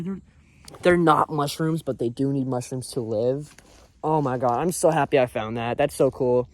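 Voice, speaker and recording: A young vlogger with a mid-range voice speaks at normal speed, with no room sound, while walking outdoors in the woods. Captured on his phone, his casual chat is a rambling, earnest pep talk full of crude slang, with faint birds and insects behind him.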